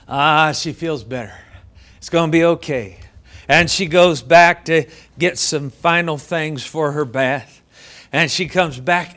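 A middle-aged male pastor preaching a sermon, telling a folksy story with many halting fillers. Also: sits high, bright, forceful tone.

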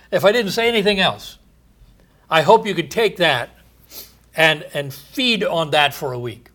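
Male preacher, bright slightly high voice, emphatic delivery that swells on key phrases and sinks low at the close of each thought. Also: expressive, unhurried, long pauses. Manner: emphatic, stretching key phrases with rising volume; drops to a quiet low voice at the ends of thoughts. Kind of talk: sermon.

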